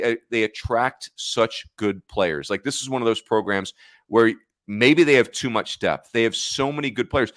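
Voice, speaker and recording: A man's voice: mid-range voice, fairly bright tone, no echo, studio quality. A man co-hosting a sports podcast in casual chat, talking in a chatty way, correcting himself and laughing easily. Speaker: podcast co-host.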